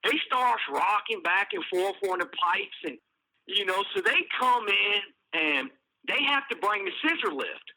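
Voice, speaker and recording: A man's voice: high voice, sing-song, a little slow, pushed and bright, poor audio. A man, casually telling a prison story, rambling, swearing and laughing at it. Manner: rambling, profane, laughing at his own story. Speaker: podcast host, prisoner telling stories.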